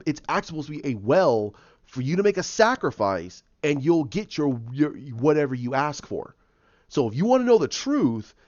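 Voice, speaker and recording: A fairly high-pitched man casually walks through a comic book story, animatedly acting out the characters' lines with lots of restarts. The recording is dry and muffled, lo-fi, with no room sound.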